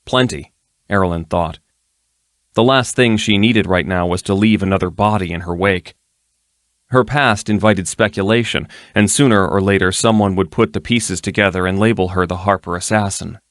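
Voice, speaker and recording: A man reading a fantasy novel aloud in a steady, measured narration. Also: sits low, no room sound, clean studio sound. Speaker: audiobook reader.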